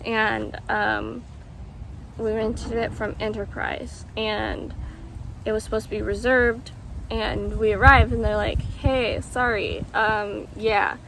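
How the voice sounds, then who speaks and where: Slow-talking young woman telling a story. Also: fairly high pitch, level tone, a bit bright, low-quality recording. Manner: rambling, full of ums and quoted dialogue. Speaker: vlogger. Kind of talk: casual storytelling vlog. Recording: faint background noise.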